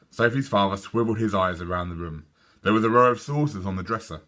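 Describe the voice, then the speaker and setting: A man reading a children's book aloud in a lively, expressive storytelling voice. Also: lowish voice, fast talker. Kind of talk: children's read-aloud narration.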